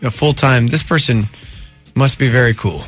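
A man's voice: mid-range voice, moderate pace, fairly bright tone, soft background music. A man hosting a morning radio show, chatting casually in a wry, joking way.

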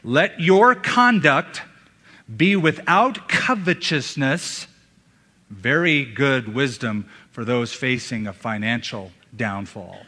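A male pastor preaching a sermon in a church, emphatic, with dramatic pauses and hushed drops. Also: mid-range voice, animated. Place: church sanctuary. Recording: long hall reverb.

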